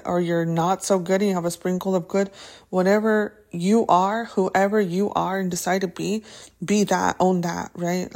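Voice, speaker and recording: A woman's voice: fairly low pitch, darkish tone. A woman hosting a podcast, giving a casual motivational pep talk in a chatty, upbeat way, often tossing in "right?" and a few Spanish words. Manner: restarts and fillers, many "right?" and "okay?". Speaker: podcast host.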